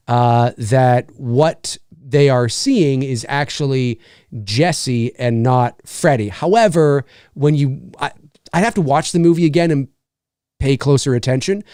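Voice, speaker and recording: A man's voice: mid-range voice, no room sound, studio quality. A man hosting a casual live Q&A, reading viewer questions and chatting about films, laughing easily. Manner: lively, laughs often, reads chat questions aloud. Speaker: host.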